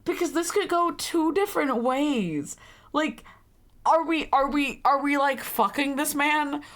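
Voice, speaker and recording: A woman's voice: sits high, measured pace, a bit bright. A young woman streaming a story game, reading lines aloud and reacting with flustered, laughing commentary.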